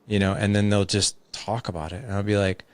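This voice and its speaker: A man's voice: lowish voice, little pitch movement, fairly quick, darkish tone, no room sound. A man, a father and podcast guest, talking earnestly in conversational examples with lots of casual fillers.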